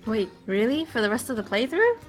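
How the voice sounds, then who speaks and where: A woman's voice: a little high, big pitch swings, brisk, soft background music. A woman co-hosting a casual game stream, reacting with short remarks and follow-up questions. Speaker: let's play co-host. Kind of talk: casual gameplay commentary.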